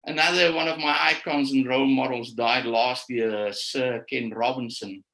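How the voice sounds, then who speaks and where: A man giving a motivational talk to teachers, repeating his key phrases and slowing down to stress them. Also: mid-range voice, fairly even intonation, bright, forceful tone. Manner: preachy, repeats key phrases, slows down for emphasis. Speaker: conference speaker. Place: live stream session.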